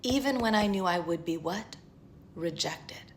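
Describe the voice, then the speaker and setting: A woman in her thirties giving an earnest spiritual pep talk as a tarot reader, with emphatic lists that often sink into a hushed, breathy near-whisper. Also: medium pitch, expressive, brisk, slight background noise. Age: 30s.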